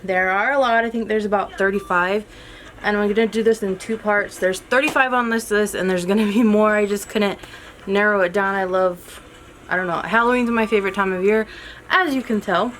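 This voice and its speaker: A woman's voice: medium pitch, steady tone, a little fast, a bit bright, slight background noise. A woman talking casually to camera about her favorite movies, chatty and upbeat, full of ums and restarts, a little out of breath. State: a bit out of breath. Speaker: movie vlogger.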